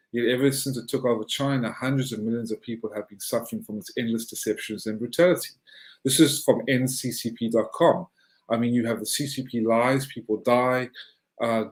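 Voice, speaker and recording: Fired-up guy with a georgia accent ranting on a podcast, mid-pitched voice, keeps stumbling over words. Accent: Southern US, Georgia. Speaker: podcast guest. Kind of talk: casual podcast chat.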